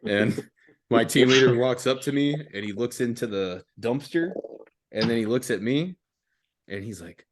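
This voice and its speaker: A young man hosts a podcast, casually telling a story in a medium-pitched, expressive, unhurried voice. He's laid-back and profane, full of slang and swearing, laughing often and leaning on fillers like "dude" and "man."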